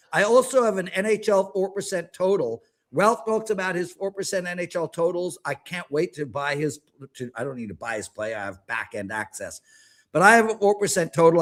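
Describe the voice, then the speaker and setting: High-voiced ranting man in his fifties. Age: 50s. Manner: animated, ranting, exaggerated complaints. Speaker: sports betting handicapper guest. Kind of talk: casual sports betting chat.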